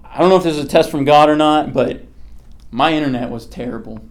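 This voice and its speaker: A man's voice: fairly high pitch, brisk. A young man teaching a casual youth sermon, talking conversationally, quizzing his listeners and leaning on fillers like "okay" and "like". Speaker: youth pastor.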